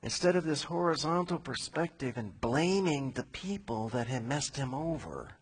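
A man preaching a sermon, retelling a Bible story in a casual, animated way with slangy asides. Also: medium pitch, moderate pace, breathy edge, rough recording.

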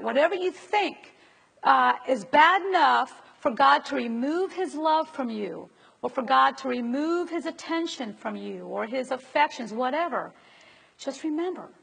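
Woman preacher, high-pitched, raspy with vocal fry, conversational sermon, rhetorical questions, long hall reverb. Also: fairly bright tone. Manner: asks the audience rhetorical questions.

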